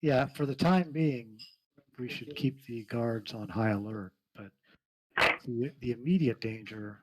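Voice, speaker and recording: A man playing a tabletop game, thinking aloud in halting speech with restarts. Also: mid-range voice, crowd noise, poor audio. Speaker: player. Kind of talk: casual game chat.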